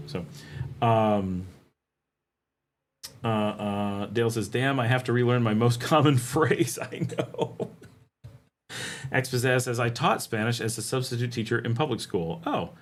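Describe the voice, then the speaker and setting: A man's voice: mid-range voice, normal speed. Rambling middle-aged man hosting a live Q&A. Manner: rambling, frequent ums, reads viewer questions aloud. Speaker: livestream host answering chat questions. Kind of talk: casual live Q&A chat.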